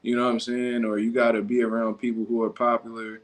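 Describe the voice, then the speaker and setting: A man's voice: medium pitch, level tone, fast talker. Profane, blunt livestreaming man. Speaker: livestream host. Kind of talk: casual livestream chat reacting to comments.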